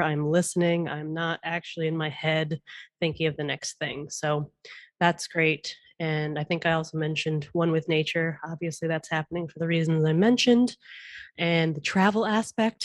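Low-voiced chatty woman in her thirties. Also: no room sound. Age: 30s. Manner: chatty and animated, laughs often, acts out quoted exchanges. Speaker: podcast guest. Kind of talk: casual interview chat.

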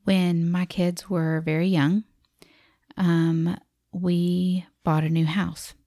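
A middle-aged woman from the American South with a Southern accent, telling a personal story in a chatty, animated way and acting out the voices she quotes. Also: fairly low pitch, slow, no echo, studio quality.

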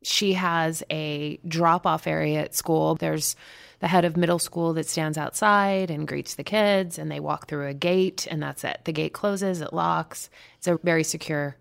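Middle-aged woman, low gravelly voice, earnest storyteller. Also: fairly even intonation, a little slow. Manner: earnest, vivid, acts out quoted voices. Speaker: interview guest. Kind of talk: emotional personal retelling.

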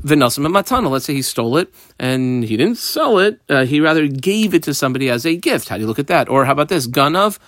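A man giving a daily Talmud lesson, explaining the page casually with everyday examples and frequent pauses. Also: on the high side, fairly bright tone, dry recording, clean studio sound. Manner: halting, with frequent ums and restarts. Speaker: Talmud teacher.

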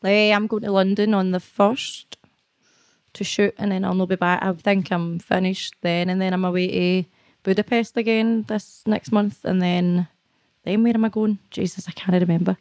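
A woman's voice: medium pitch, fairly even intonation, moderate pace, darkish tone, no room sound, studio quality. Sweary Scottish woman, blunt and laughing. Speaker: guest. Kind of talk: casual interview chat.

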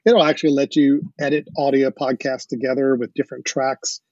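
Medium-pitched and a little mellow, this man speaks fairly quickly in a level tone while hosting a casual podcast. He explains things with enthusiasm and chuckles occasionally. The audio is dull and lo-fi, with no room sound.

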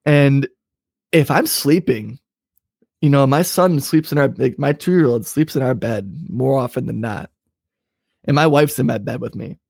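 A man's voice: mid-range voice, measured pace, creaky, darkish tone, slightly rough, no room sound, studio quality. A young man co-hosting a podcast, ranting angrily with lots of swearing in casual chat. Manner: angry, profane ranting. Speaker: podcast co-host.

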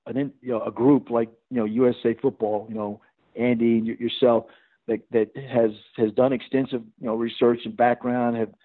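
A man's voice: medium pitch, little pitch movement, brisk. Man, middle-aged, head coach, phone-line sound, rambling with restarts. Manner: rambling, many restarts and fillers. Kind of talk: podcast interview over phone.

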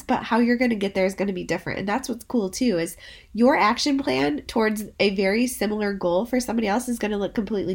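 A woman hosting a solo podcast, talking in an encouraging, chatty way while her voice is worn from being sick. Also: mid-range voice. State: sick, voice under the weather. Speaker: podcast host.

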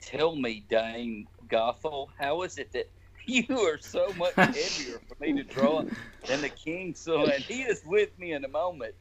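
Rapunzel, a gentle, shy young maiden, read aloud by a man. The voice sits fairly high and swings widely in pitch. It is heard over a busy crowd. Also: expressive, measured pace, low-quality recording. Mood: plaintive. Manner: awkward amateur reading, breaking into laughs.

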